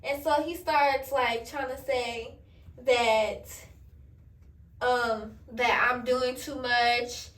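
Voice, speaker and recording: High-voiced young woman telling a storytime. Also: very slow, far from the mic. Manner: animated, candid storytelling with slang and swearing. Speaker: vlogger. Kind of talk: storytime while doing her hair. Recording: echoey room, voice a bit off-mic.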